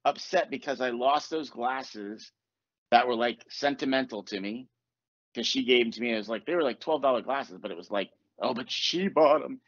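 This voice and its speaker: A man hosting a podcast, telling a story in casual chat, animated and swearing as he acts out what people said. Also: mid-range voice, normal speed, lo-fi sound. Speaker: podcast host.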